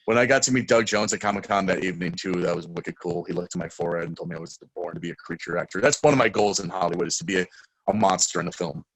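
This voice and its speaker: A young man, a guest in a casual interview, telling stories excitedly and acting out quotes loudly. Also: sits low, racing, no room sound, rough recording.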